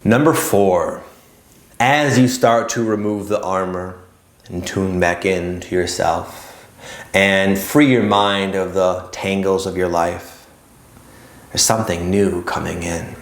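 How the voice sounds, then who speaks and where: A man speaks in a slightly low register, chatting to camera as the host of a spiritual channel. His delivery is loose and rambling, full of filler words like "like" and "kind of". The room around him sounds echoey. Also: fairly even intonation, slow. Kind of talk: casual spiritual talk to camera.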